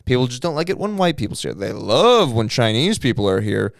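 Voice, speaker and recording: A man co-hosting a podcast, talking in fast, crude, argumentative banter. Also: mid-range voice, sing-song, vocal fry, dry recording. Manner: rapid, argumentative, crude joking. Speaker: podcast co-host.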